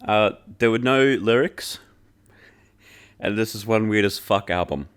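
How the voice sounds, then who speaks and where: Deep-voiced man chatting loosely. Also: a little slow, smooth. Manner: loose and joking, heavy filler "like", swears freely. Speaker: podcast host reviewing an album. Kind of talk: casual chat.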